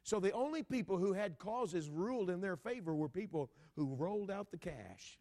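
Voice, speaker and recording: A preacher addressing his congregation in an animated, dramatic sermon. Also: high-pitched, normal speed. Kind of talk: sermon storytelling.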